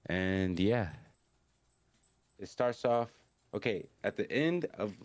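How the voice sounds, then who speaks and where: A man's voice: on the low side, animated, slow pace, background noise. A man hosting a podcast, casually recapping an anime episode in a rambling, slangy way with lots of restarts. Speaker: podcast host.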